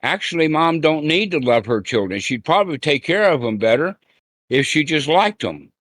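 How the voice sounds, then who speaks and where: A man's voice: on the high side, expressive, normal speed, a bit bright. A man giving a plain-spoken, folksy Buddhist teaching talk over an online group call. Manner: plain-spoken, folksy, acts out quoted lines.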